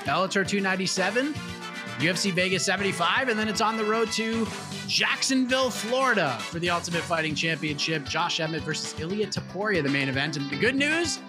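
A man hosting a casual sports podcast, with brisk, upbeat patter as he wraps up the show. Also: high voice, lively intonation, music in the background. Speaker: host.

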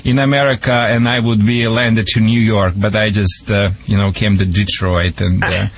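A man's voice: fairly low pitch, flat delivery, moderate pace, gravelly, slightly rough, no echo. A man with a Russian accent giving playful dog-training advice on a call-in radio show, in broken English full of jokes and boasts.

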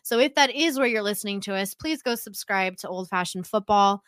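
A woman's voice: mid-range voice, fairly quick, fairly bright tone, clean tone, no echo. A woman co-hosting a casual podcast, chatty and upbeat, laughing easily. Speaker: podcast co-host.

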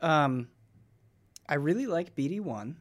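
A co-host in casual podcast chat, mostly brief agreeing interjections, measured when explaining a point. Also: medium pitch, lively intonation.

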